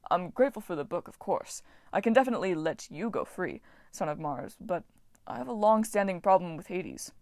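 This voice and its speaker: A woman's voice: lowish voice, expressive, a little fast, darkish tone, no echo, studio quality. A woman voicing an eccentric, self-absorbed male farming god, chatty and enthusiastic, in a storybook reading.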